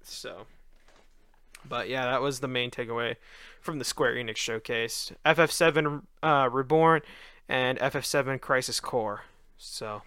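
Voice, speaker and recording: A man's voice: mid-range voice, a little slow, pushed and bright, smooth, dry recording, clean studio sound. Tired young man rambling on a podcast. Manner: casual, loose, with many fillers and restarts. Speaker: podcast host.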